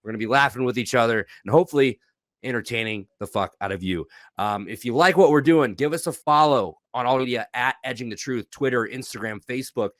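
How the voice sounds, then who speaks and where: A man's voice: mid-range voice, brisk, fairly bright tone, dry recording, studio quality. A man co-hosting a casual podcast, swearing freely, joking and hyping up the audience. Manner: profane, jokey, hypes the audience. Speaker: podcast co-host.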